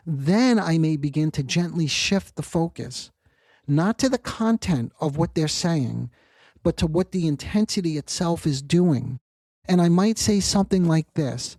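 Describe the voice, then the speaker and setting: Measured man explaining therapy ideas. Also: fairly high pitch, dark tone, no echo. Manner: measured, reflective, slows to quote example phrasings. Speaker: psychotherapist podcast host. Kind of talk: explanatory monologue.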